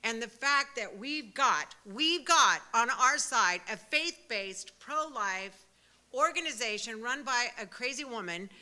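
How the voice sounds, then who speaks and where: A woman in her sixties giving an impassioned speech at a pro-life event, fervent and emphatic, rising to loud peaks. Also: on the high side, expressive, measured pace. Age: 60s.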